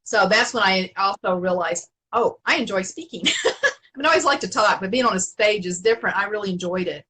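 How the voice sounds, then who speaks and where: Middle-aged woman guest, bright husky voice, lively storyteller who laughs a lot. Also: mid-range voice, brisk, low-quality recording. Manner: animated, laughs often, many restarts and fillers. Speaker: author, interview guest. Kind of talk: casual storytelling in an interview.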